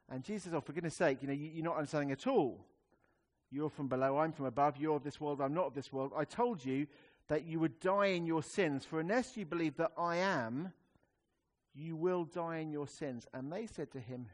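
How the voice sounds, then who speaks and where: A man preaching a sermon in a conversational, wry way, swinging between emphatic rises and quiet, serious drops. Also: mid-range voice.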